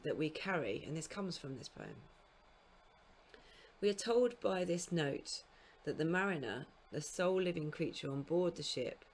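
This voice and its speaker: In a recorded literature lecture aimed at school students, a woman who lectures at university speaks in a deep voice carrying a slight hiss or hum. Her explanations are measured, with occasional mid-phrase self-corrections, and she voices scansion in sing-song beats.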